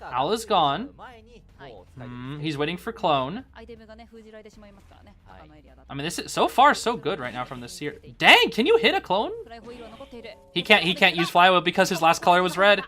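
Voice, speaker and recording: Excitable man streamer calling a match. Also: high voice, moderate pace, long pauses. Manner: excitable, chatty, breaks into laughter. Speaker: streamer commentating a tournament. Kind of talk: live game commentary.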